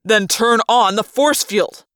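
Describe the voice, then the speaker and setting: A woman's voice: a little high, slow pace, a bit bright, no echo, studio quality. A woman voicing a cruel, domineering male alien warlord who barks orders and threatens his men, read in a fan audiobook. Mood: commanding. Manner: barking commands, menacing.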